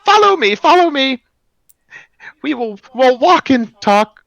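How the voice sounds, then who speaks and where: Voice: high-pitched, sing-song, slow, vocal fry, fairly bright tone, dry recording, voice pushed up, exaggerated voice, poor audio. A game master voicing a cheery male elemental made of stones who works as a tour guide, gushing and eager to please. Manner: gushing, eager to please, repeats his welcome.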